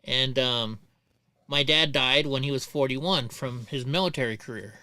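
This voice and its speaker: A middle-aged man hosts a casual livestream and tells long, profane stories, full of restarts and asides. His voice is bright and crisp, with a close, dry sound. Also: medium pitch, unhurried, no room sound. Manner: rambling, profane, many restarts. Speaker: livestream host.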